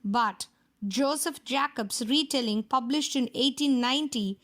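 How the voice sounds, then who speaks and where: A woman reading a fairy tale aloud for children in a steady storytelling manner. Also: sits high, measured pace.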